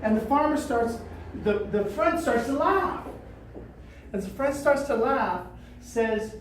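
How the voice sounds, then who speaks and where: A woman trainer telling a story at a training session, animated and repeating phrases. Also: fairly high pitch, takes it slowly, a little hiss or hum. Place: training room. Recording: echoey room from a distance.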